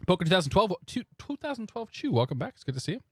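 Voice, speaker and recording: Lively-voiced man streaming casually. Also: high-pitched, rapid-fire, husky, dry recording, studio quality. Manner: relaxed, chuckling, thanks viewers by name. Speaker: flight sim streamer. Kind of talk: casual live-stream chat.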